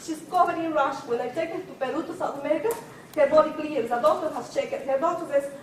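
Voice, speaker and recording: Brief: distressed woman speaking from the floor, high voice, close to tears, caught by a distant mic in a roomy hall. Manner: halting, repeats words, pleading. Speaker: audience member at a public meeting. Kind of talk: emotional question from the floor. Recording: echoey hall, distant mic, background noise.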